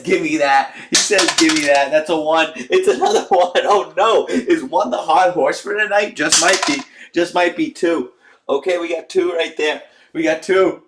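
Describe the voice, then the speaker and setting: A man's voice: a little high, noisy background. A young man hosting a live stream, chatting casually, cheering and teasing his viewers. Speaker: livestream host.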